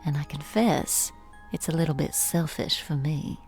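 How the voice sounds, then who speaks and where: A flirtatious Southern baker with a sultry, affectionate drawl in a dating game. Her voice sits a little low. Faint music plays underneath. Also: normal speed, darkish tone. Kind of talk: game voice acting.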